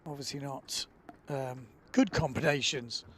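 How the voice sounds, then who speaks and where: A man commentating live on a windsurfing event in a relaxed, chatty way, often filling pauses with "uh". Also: medium pitch, slight background noise.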